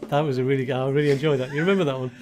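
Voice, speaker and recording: A man's voice: mid-range voice, fairly even intonation, racing, a little mellow, soft background music. A man co-hosting a channel, chatting casually and reminiscing over old clips with a laugh. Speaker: channel co-host.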